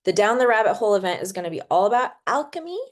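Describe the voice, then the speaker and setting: A woman hosting a spiritual podcast, telling stories in a chatty way full of fillers and quick laughs. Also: medium pitch, sing-song. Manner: chatty storyteller, filler-heavy, laughs often. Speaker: podcast host. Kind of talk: casual spiritual podcast monologue.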